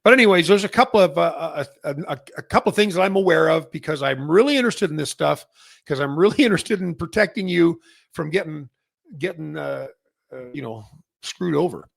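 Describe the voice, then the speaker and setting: A man's voice: a little high, animated, brisk, creaky, dry recording, clean studio sound. A middle-aged man from Canada hosting a casual industry update, rambling with many restarts and fillers. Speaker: massage chair retailer and host.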